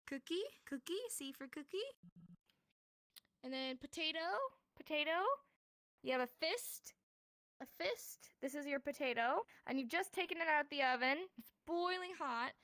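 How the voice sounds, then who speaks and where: Upbeat woman teacher, kinda high voice, dry close sound, jokes around while explaining. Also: pushed and bright, no room sound. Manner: upbeat, joking, explains step by step. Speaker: sign language teacher. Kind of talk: casual online class instruction.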